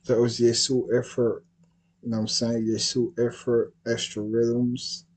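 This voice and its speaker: Man, livestream host, husky voice, flat and even delivery, casual slangy chat. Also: mid-range voice, unhurried, rough recording. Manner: laid-back and slangy, keeps asking listeners to follow him.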